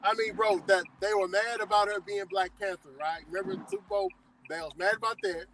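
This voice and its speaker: A man's voice: sits high, animated, quick pace, fairly bright tone, rough recording. A man who works as a delivery driver, chatting casually in slang and laughing often. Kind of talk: casual chat.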